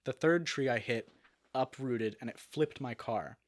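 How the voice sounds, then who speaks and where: A young man talks through a story as an interview guest, at an average pitch. His telling is animated and loose, full of fillers, quick restarts and acted-out quotes. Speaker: guest, actor.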